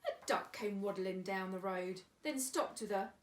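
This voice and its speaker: A woman's voice: mid-range voice, measured pace, few pauses. Woman storyteller, sing-song rhymes, recorded at a distance from the mic. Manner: sing-song rhyming delivery. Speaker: volunteer storyteller. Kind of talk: children's picture-book reading. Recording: echoey room, away from mic.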